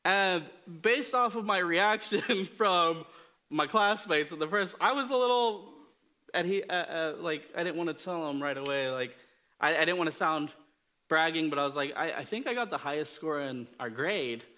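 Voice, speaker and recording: A man with a higher-leaning voice, pushed and bright, talks at normal speed. He's a preacher giving an informal storytelling sermon, conversational in manner, teasing himself and frequently using fillers and restarts.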